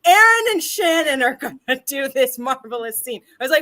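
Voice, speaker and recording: A woman's voice: high voice, big pitch swings, moderate pace, bright, forceful tone. A woman improviser and co-host chatting casually on a podcast, rambling, self-mocking and laughing often.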